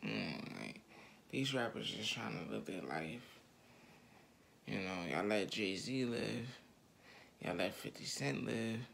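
A man's voice: lowish voice, sing-song, slow pace, vocal fry, pauses often, fairly bright tone, a little hiss or hum. A man ranting in heated, slangy street talk straight at his viewers, repeating his points over and over. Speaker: online commentator.

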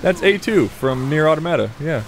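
A man's voice: a little high, animated, fairly quick. A man hosting a gameplay video, chatting casually, laughing often and muttering at other players.

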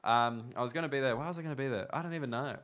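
A man's voice: mid-range voice, racing, a bit bright. An Australian man hosting a comedy podcast, telling rambling anecdotes full of swearing in casual chat.

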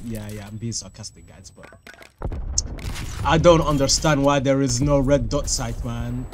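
A young man giving live gameplay commentary, excitable and crude, trash-talking opponents and shouting at kills. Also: medium pitch, a little slow, a little hiss or hum. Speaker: gaming YouTuber. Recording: faint music and gunfire behind. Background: game music and gunfire.

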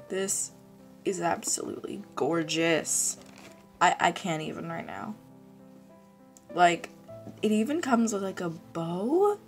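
A young woman hosting a casual unboxing vlog, gushing and excitable, gasping and saying "like" a lot. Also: medium pitch. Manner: gushing and excitable, with gasps and many "like"s. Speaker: channel host.

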